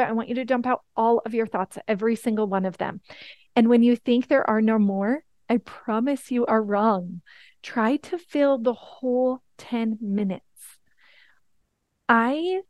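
A woman's voice: on the high side, a little mellow, dry recording. A woman in her thirties teaching a coaching webinar, earnest and encouraging, often checking in with "right?". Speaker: life coach.

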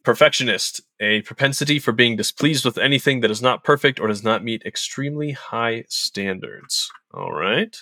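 A man's voice: medium pitch, lively intonation, normal speed, hardly any pauses, pushed and bright, no room sound, clean studio sound. A man hosting a tabletop game podcast in a casual, upbeat, chatty way. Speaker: podcast host and game master.

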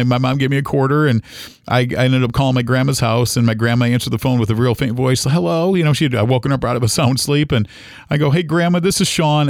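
Podcast host, middle-aged, from Ohio, personal story told haltingly, dry close sound. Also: male voice, medium pitch, vocal fry, no echo. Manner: halting, emotional retelling with many restarts.

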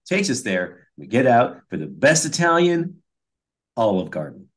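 A man's voice: mid-range voice, big pitch swings, measured pace, a bit bright. A middle-aged man co-hosting a casual chat, telling rambling stories with many restarts. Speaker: podcast co-host.

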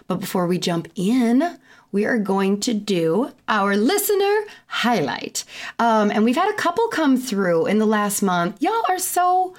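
A woman in her thirties with a Midwestern accent hosting a podcast, talking in a chatty, animated way with lots of fillers and asides. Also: medium pitch, a little slow. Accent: Midwestern American. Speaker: podcast host and chiropractor. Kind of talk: casual solo podcast intro.

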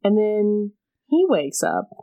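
A woman in casual chat, retelling a story with quick voiced asides and laughs. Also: medium pitch, very animated, mellow, lo-fi sound, soft background music. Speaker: podcast co-host recapping a novel.

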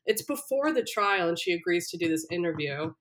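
A woman's voice: fairly low pitch, brisk, a little hiss or hum. A young woman casually chatting on a podcast, animatedly retelling a reality show and acting out the quotes with frequent laughter. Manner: animated storyteller, acts out quotes, laughs often. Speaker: podcast co-host.

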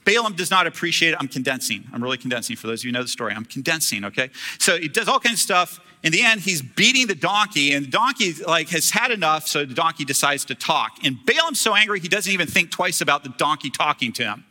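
A man's voice: a little high, expressive, fast talker, few pauses, bright, forceful tone. A man preaching a sermon as a pastor, retelling a scripture story in casual, humorous storytelling.

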